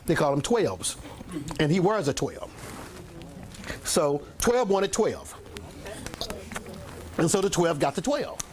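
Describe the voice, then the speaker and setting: An older man, a pastor telling a rambling, animated story in a sermon to his congregation, often clearing his throat and coughing. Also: sits high, takes it slowly, long pauses. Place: church meeting room with a congregation.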